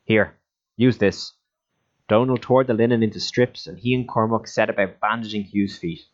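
Low-voiced male storyteller, lo-fi sound. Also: steady tone, fairly quick. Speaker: narrator. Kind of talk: audiobook storytelling. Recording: dull lo-fi recording.

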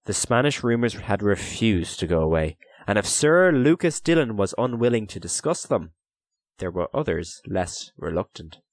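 Expressive male audiobook narrator. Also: lowish voice, normal speed, no echo. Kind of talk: storybook narration.

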